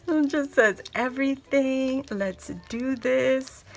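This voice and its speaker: A woman hosting a casual crafting vlog, gushing and excitable as she shows off a handmade gift and talks to her viewers. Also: fairly high pitch, unhurried, hardly any pauses. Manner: gushing, excitable, squeals and laughs often; addresses viewers as "guys". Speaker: crafting video host.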